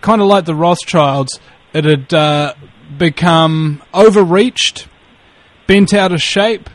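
A man's voice: fairly high pitch, slow pace, no echo. A man chatting casually on a call, telling rambling stories, swearing and laughing at his own jokes. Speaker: podcast guest. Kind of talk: casual chat.

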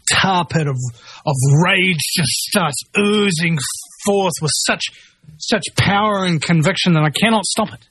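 A man rants in a high, tight voice. He rambles and keeps restarting his sentences. The sound is close and dry, with no room in it. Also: fairly bright tone, breathy edge, no room sound. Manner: agitated, rambling, full of restarts. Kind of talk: ranting monologue.

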